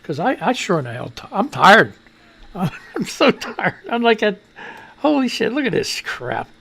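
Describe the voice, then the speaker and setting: A man's voice: high-pitched, sing-song, measured pace, vocal fry, bright, forceful tone, slightly rough. A man hosting a live radio news show, rambling in exasperated, sarcastic casual commentary while wheezing.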